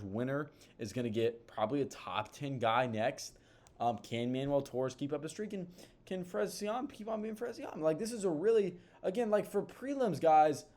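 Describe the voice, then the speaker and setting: A man's voice: a little high, darkish tone. A man giving casual commentary on fight matchmaking, rambling with lots of fillers and restarts. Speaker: MMA commentator.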